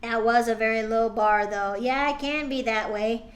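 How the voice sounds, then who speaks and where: A woman's voice: on the high side, steady tone, normal speed. A woman streamer reading a story aloud for laughs, with exasperated, mocking asides. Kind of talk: comedic dramatic reading with commentary.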